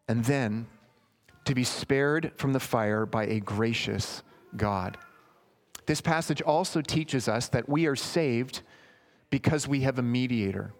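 A man's voice: mid-range voice, takes it slowly. A man preaching a sermon in an earnest, emphatic way, speaking directly to his listeners as friends.

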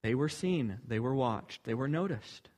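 A man's voice: medium pitch, lively intonation, moderate pace, a little mellow. A man preaching a sermon, earnest and emphatic, building to rhetorical questions.

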